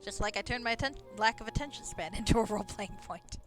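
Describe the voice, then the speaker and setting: A woman streams a game with game music in the background, rambling casually with frequent laughs as she comments on the gameplay. Her voice is mid-range, and she talks fast.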